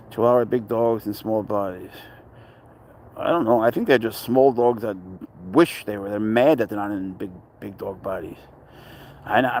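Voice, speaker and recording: Rambling man chatting at a dog park. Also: medium pitch. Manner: joking, talks to his cat and greets viewers. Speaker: pet owner vlogger. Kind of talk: casual rambling chat.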